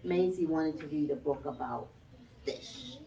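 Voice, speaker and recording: Librarian, woman, story time voice: slow, lively sing-song pitch, distant lo-fi mic. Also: vocal fry, slight background noise. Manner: animated, sing-song, talking to small children. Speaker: children's librarian. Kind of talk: reading a picture book aloud to children. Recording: distant, dull lo-fi sound.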